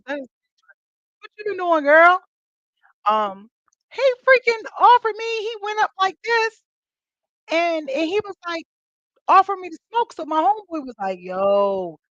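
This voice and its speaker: A fairly high-voiced woman with tells a story to her podcast listeners, laughing as she acts out what people said. The sound is dull and muffled, with no room echo at all. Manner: animated, laughing, acts out quotes. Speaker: podcast host.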